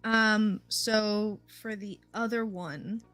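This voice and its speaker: A woman running a tabletop game as game master, talking hesitantly with many pauses and fillers. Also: mid-range voice, steady tone, fairly bright tone, no echo, faint music behind. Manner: hesitant, many ums and likes.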